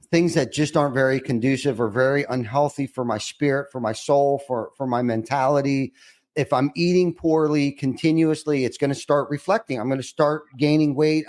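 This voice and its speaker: A middle-aged podcast host speaks earnestly and reflectively in an interview, rambling and restarting often before getting to his next question. His mid-range voice has a slightly mellow quality.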